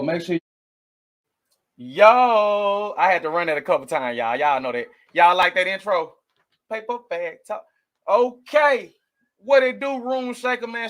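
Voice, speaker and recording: A commentary vlogger with a fairly bright voice that sits high offers casual news commentary. Rambling and emotional, he speaks straight to his viewers.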